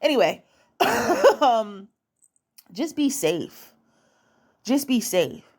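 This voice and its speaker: A woman's voice: fairly high pitch, very animated, extremely slow, slightly rough. Blunt, profane young woman repeating points for emphasis. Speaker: dating advice vlogger. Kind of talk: casual monologue to camera.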